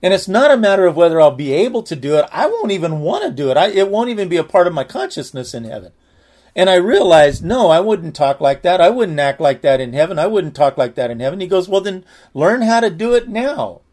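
A man's voice: a little high, very animated, fast, a little mellow. A man sharing a personal testimony in a candid, earnest, conversational way.

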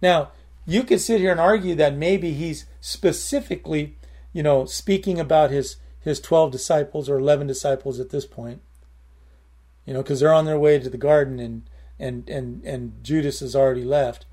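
Conversational male preacher, mellow voice. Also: a little high, normal speed. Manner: conversational, with prayers and emphatic repetition. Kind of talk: sermon.

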